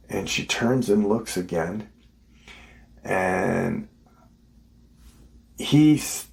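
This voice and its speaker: A man's voice: low-pitched, slow, creaky, long pauses. A man hosting his show, casually retelling a witness's story in a conversational way. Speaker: host.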